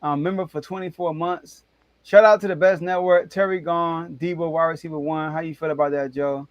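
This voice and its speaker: A man hosting a casual sports debate show, telling stories in an animated, excitable way with big jumps in his voice. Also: on the high side, brisk, no echo, dull audio.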